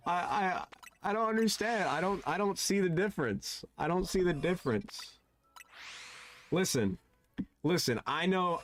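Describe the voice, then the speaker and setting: Guy streaming a game, kinda high voice, gets all flustered and jumpy, faint music behind. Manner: animated, flustered, laughing, swings high and low. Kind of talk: casual live-stream chat.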